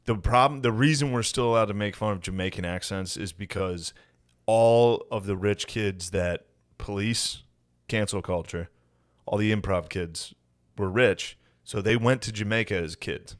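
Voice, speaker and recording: A man's voice: on the low side, moderate pace, no room sound, clean studio sound. A man in his thirties co-hosting a comedy podcast in casual chat, rambling and sarcastic. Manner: rambling, sarcastic, slips into mocking voices. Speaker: podcast co-host.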